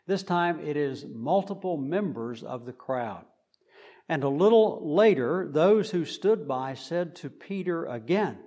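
A man preaching a sermon, speaking deliberately with frequent fillers. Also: fairly high pitch, lively intonation, a little mellow.

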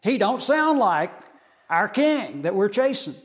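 A man voicing rough, casual soldiers in a slangy, surprised way while retelling a Bible story. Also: high-pitched, big pitch swings, unhurried, voice pushed up.

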